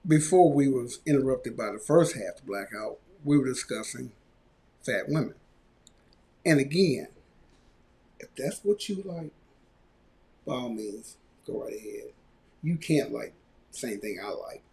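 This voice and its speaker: A man hosting a live podcast, ranting loudly and mockingly. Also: medium pitch, a little slow, pauses often. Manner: loud, animated ranting with mocking quoted voices. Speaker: podcast host.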